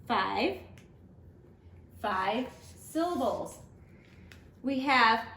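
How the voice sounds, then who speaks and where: Woman teacher, high and bright, slow read-aloud for kids, roomy echo. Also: expressive, very noisy. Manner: slow and emphatic, clapping out syllables. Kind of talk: lesson and read-aloud for children.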